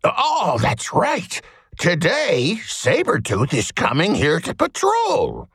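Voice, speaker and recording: A voice actor playing a drowsy, grandfatherly old male cobra in a children's audio story, musing slowly. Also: medium pitch, wildly swooping pitch, creaky, fairly bright tone, husky, dry recording, studio quality, full character voice. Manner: slow, mumbling, musing.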